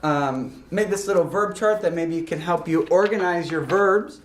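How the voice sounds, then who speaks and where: A man teaching a recorded grammar lesson, explaining slowly and deliberately with frequent ums and uhs. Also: on the high side, roomy sound, a little hiss or hum. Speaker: Spanish teacher.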